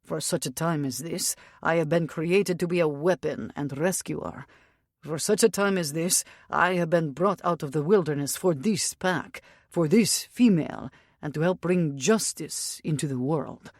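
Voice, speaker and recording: A solemn, devout male warrior, voiced by a female narrator in first-person inner monologue, measured and reflective. The voice is low for a woman, in dry, close audiobook sound. It carries steady resolve. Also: no room sound.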